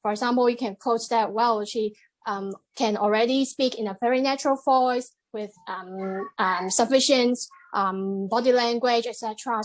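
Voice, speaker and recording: A woman giving the general evaluation at a club meeting over a video call, measured and encouraging, with frequent fillers. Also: on the high side.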